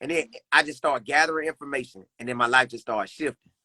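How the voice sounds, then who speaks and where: A man's voice: mid-range voice, fast talker, pushed and bright, no echo. A young man talking earnestly about faith as a podcast guest, repeating phrases in a preacherly way. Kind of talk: casual faith conversation.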